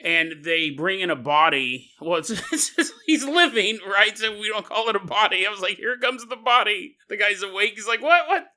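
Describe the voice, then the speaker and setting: A man hosts a podcast and tells a story as a jokey monologue, laughing often. His voice is high and very bright, with a sharp edge. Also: lively intonation, normal speed, hardly any pauses. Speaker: podcast host.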